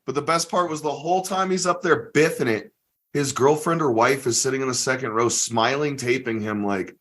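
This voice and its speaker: A man co-hosting a podcast tells a story in a casual chat, speaking at a medium pitch and moderate pace. He is animated, acts out the quotes and laughs often.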